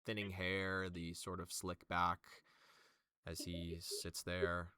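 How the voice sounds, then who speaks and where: A man's voice: deep voice, monotone, slow pace, sharp tone, clean tone, no echo. A man narrating as game master in a tabletop game, describing scenes with many fillers.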